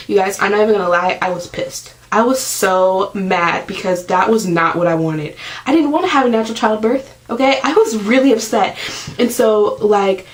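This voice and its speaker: A woman's voice: medium pitch, moderate pace, poor audio. A young woman vlogging, telling a story casually to the camera, filling it with "like" and acting out what people said. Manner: chatty, heavy use of "like", acts out quotes.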